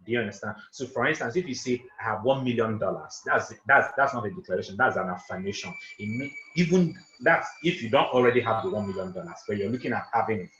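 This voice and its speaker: A man running an interactive online class, talking fast and emphatically, repeating points and asking for confirmation. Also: fairly low pitch, a bit bright, echoey room, dull audio, slight background noise. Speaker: online trainer and coach. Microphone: video call.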